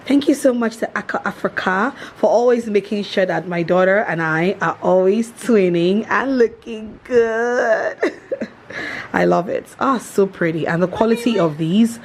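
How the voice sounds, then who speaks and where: A woman's voice: medium pitch, measured pace, a little hiss or hum. A woman, chatting casually to her vlog audience, gushing and laughing often. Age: 30s. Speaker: vlogger.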